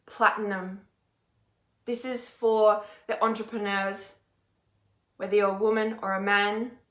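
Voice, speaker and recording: This intuitive healer and mentor reads out viewer comments on her casual live stream, speaking a little slowly with a flat, medium-pitched voice in an echoey room. She's blunt and profane, ranting and repeating herself for emphasis.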